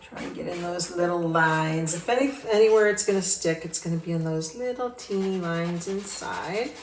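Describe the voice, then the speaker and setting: A woman's voice: fairly low pitch, normal speed, distant mic. A woman hosting a crafting demo, chatting enthusiastically to viewers as she works, with the hiccups. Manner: chatty, enthusiastic, talks to viewers while working. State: has the hiccups. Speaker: craft video host. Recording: roomy, off-mic, with clear background noise.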